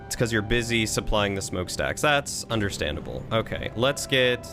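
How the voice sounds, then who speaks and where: A man's voice: lowish voice, very animated, normal speed, over music. A man casually thinking aloud while streaming a strategy game, chatting with and thanking his viewers. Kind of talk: casual live-stream commentary.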